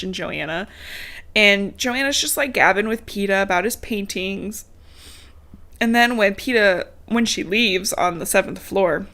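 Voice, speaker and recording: With a medium-pitched voice that sounds pushed and bright, a podcast co-host recaps a book, chatting casually, cursing a lot and laughing. A dog occasionally shows up in the background.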